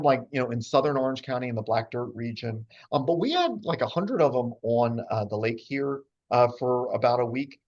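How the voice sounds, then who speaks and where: Man, chatty birding lecturer, muffled lo-fi audio. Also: mid-range voice. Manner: chatty, many fillers and asides. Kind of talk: casual slide talk on birds. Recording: dull lo-fi sound.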